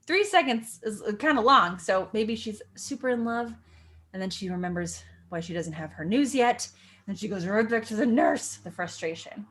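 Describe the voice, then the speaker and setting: Young woman acting coach, playful and animated, punches the words as she breaks down a speech. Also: medium pitch, normal speed. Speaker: acting teacher. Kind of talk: tutorial explaining a monologue.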